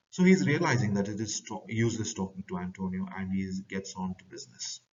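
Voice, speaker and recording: A man's voice: low-pitched, expressive, fairly quick, few pauses. A man with an Indian accent teaching a class, reading lines from a play aloud and then explaining them in plain words. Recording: distant dull lo-fi recording.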